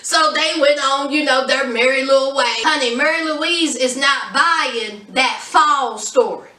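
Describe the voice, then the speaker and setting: Chatty high-voiced woman reviewing a show. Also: a little slow, roomy sound, recorded from a distance. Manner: animated, chatty, addresses viewers directly. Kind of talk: casual recap vlog.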